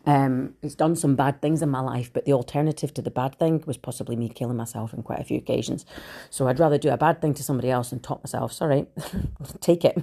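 A Scottish woman with a Glasgow accent, telling her own story in a blunt, animated monologue full of swearing. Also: extremely low pitch, fast talker, gravelly, slightly rough. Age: adult with three children. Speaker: speaker sharing her recovery story.

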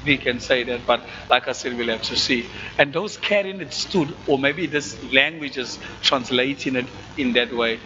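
A man's voice: medium pitch, normal speed, hardly any pauses, bright, forceful tone, lo-fi sound. A man with a South African accent preaching a conversational sermon to his congregation, often checking that they follow along. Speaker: pastor.

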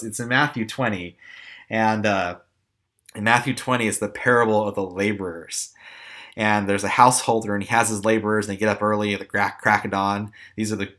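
A man's voice: on the low side, sharp tone. A young man hosting a podcast, talking candidly and ramblingly about himself with self-deprecating asides. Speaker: podcast host. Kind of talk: casual personal reflection.

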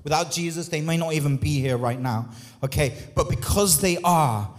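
Pastor guy preaching hard, kinda higher voice, big echoey church hall reverb, swings loud then quick and quiet. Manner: impassioned, swings between loud rises and quick quiet asides. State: out of breath. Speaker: lead pastor. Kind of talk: sermon.

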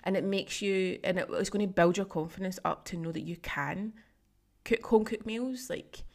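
A woman's voice: medium pitch, moderate pace, creaky. A woman in her thirties, a fitness coach hosting a casual solo podcast, talking chattily and emotionally with lots of fillers. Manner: chatty, heavy use of "like", emotional and gushing. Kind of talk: casual solo podcast, reading client feedback.

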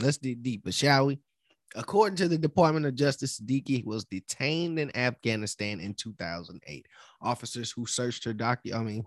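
A man's voice: fairly low pitch, dry recording, clean studio sound. A man co-hosting a podcast, reading a news story aloud and often stumbling over words and correcting himself. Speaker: podcast co-host.

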